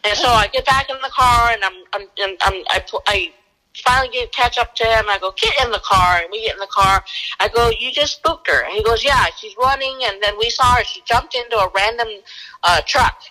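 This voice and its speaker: Telling a lively, casual story, a fugitive recovery agent with a fairly high voice performs the dialogue in quick bursts. The audio is poor.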